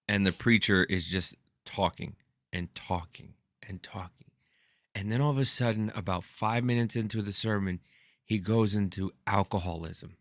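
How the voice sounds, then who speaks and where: A man's voice: on the low side, fairly bright tone, no echo, studio quality. A middle-aged man telling a personal story in casual chat, earnest and profane, often stumbling over restarts.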